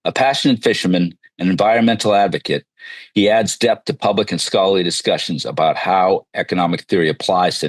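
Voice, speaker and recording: A podcast host from the Boston area with a fairly low voice, recorded close and dry. He talks in a friendly, chatty way, reading an introduction and then joking with his guest. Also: dry recording. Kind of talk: casual interview.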